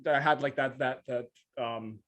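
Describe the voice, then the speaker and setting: Very fast-talking man co-hosting a stream. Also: medium pitch, steady tone, fairly bright tone. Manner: very fast talker, restless restarts. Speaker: co-host. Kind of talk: casual live-stream chat. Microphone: video call.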